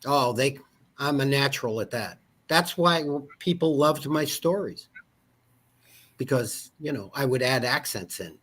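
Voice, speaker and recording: A man in his fifties with a husky voice, talking as a guest in a casual interview. He rambles through stories with lots of asides. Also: mid-range voice, animated, a little slow, a bit bright. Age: 50s. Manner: rambling storyteller, many asides. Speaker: insurance agent and guest.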